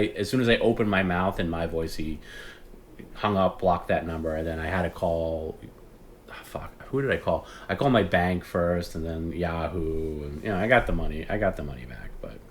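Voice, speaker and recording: A man's voice: low voice, fairly bright tone. A man hosting a livestream, telling a rambling story in casual chat, acting out phone calls and swearing often. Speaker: podcast host.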